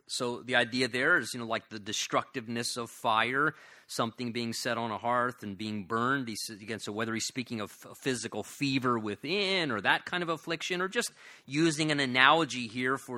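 Guy preaching a sermon, bright forceful voice, earnest and chatty, lots of restarts. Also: medium pitch, moderate pace. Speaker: pastor.

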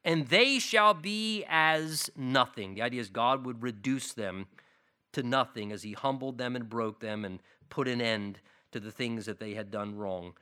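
A man's voice: on the low side, steady tone, moderate pace, fairly bright tone. A man preaching an expository Bible sermon, earnest and repeating key phrases for emphasis. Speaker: pastor.

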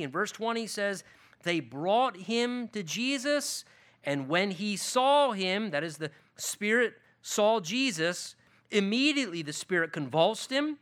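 Middle-aged guy preaching, high bright voice that jumps all over, goes loud then real quiet. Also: a little slow. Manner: expressive preaching, swings between emphatic and hushed. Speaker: pastor. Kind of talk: sermon.

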